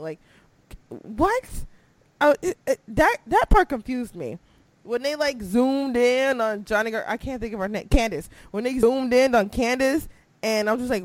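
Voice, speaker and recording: A woman talks wrestling in an easy, chatty way, her pitch leaping up and down as she acts out her reactions. Her voice sits a little high and she exclaims often. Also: sing-song, normal speed, dry recording. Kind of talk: casual wrestling chat.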